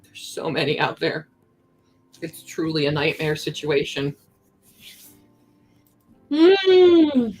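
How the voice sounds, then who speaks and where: A young woman with a slightly low voice chats easily on a live stream, reading out viewer messages between remarks on her project. Quiet music plays underneath her. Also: little pitch movement, unhurried, poor audio. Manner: chatty, reads chat aloud, talks while crafting. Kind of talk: casual live-stream chat.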